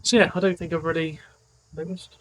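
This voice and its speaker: Chatty man, slightly high voice. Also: a little fast, rough recording. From England. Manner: rambling, relaxed, lots of fillers. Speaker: vlogger. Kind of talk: casual chat.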